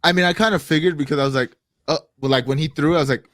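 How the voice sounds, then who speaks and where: A man's voice: fairly high pitch, racing, a bit bright, no room sound. A man co-hosting a reaction show, chatting in a laid-back, casual way. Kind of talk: casual chat.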